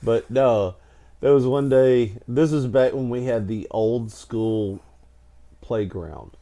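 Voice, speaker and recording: A man's voice: medium pitch, slow, warm tone. A man co-hosting a casual podcast, telling funny childhood stories with frequent laughter and a tired, stammering delivery. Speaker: podcast co-host. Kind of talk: casual storytelling chat.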